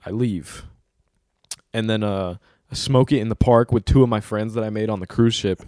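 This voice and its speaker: A man's voice: on the low side, fairly even intonation, moderate pace, warm tone, no room sound, studio quality. A young man hosting a casual podcast chat, telling a long story in a loose, slangy way with a lot of swearing. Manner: laid-back storytelling with heavy slang and swearing. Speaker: podcast host.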